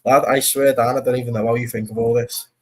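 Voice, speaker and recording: A man's voice: medium pitch, flat delivery, fast talker. A young man casually chatting and reading comments during a football watch-along stream, rambling and swearing now and then. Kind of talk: casual live-stream chat.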